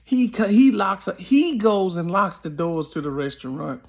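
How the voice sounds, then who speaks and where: A man, a former college basketball player, telling a story in an animated, emphatic way and repeating phrases for effect. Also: sits high, moderate pace, vocal fry.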